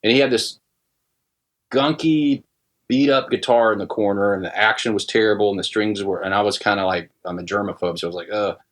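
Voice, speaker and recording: A middle-aged man telling a personal story in casual podcast talk, halting with many restarts and fillers. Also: on the low side. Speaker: guest musician.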